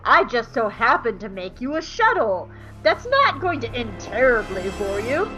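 A woman voicing a menacing male dark lord in a smug, drawling way. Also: a little high, sing-song, normal speed, soft background music, low-quality recording.

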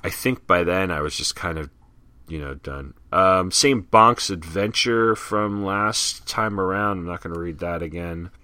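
A man with a low pitch and a bright, forceful edge hosts a casual podcast. He reads terms and ads aloud and drifts into chatty asides. The sound is dry and close. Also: a little slow, clean tone, dry recording. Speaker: podcast host. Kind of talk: casual comic book podcast reading.

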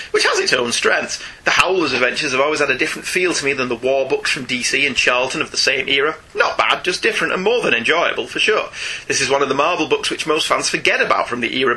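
A man's voice: medium pitch, pushed and bright, husky. A man hosting a podcast, reading out listener emails in a chatty, jokey way. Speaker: podcast host.

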